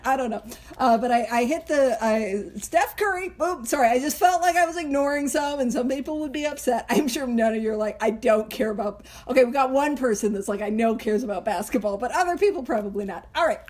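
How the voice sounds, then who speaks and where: A woman's voice: high-pitched, darkish tone. A woman hosting a recovery book study, talking casually and animatedly, with frequent laughs and self-interrupting asides. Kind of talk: casual teaching chat.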